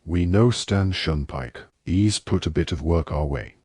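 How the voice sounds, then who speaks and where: An adult man voicing a sharp, sneering male snatcher. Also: low-pitched, unhurried, slightly rough, no room sound, clean studio sound.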